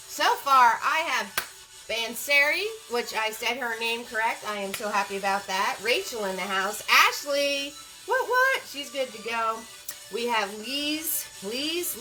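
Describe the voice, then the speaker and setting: A woman's voice: sits high, bright, forceful tone, rough recording. A woman hosting a live-streamed painting class, upbeat and greeting viewers by name as they join.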